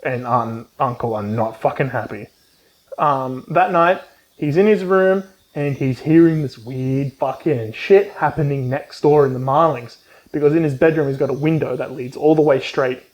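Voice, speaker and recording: Rambling through a casual book recap, a male book reviewer swears, says um a lot, and performs the characters' dialogue. He speaks at medium pitch and moderate pace on a low-quality recording.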